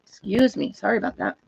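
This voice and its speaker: A woman's voice: medium pitch, creaky, husky, no room sound. Chatty woman on a muffled home stream. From United States. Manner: chatty, laughs often, talks to viewers and her dog. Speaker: host of a live chat stream. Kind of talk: casual live-stream chat.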